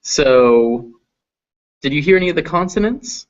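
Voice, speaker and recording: A man's voice: on the high side, animated, a little slow. A man teaching a phonetics lesson, patiently sounding out vowels and example words. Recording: dull lo-fi recording.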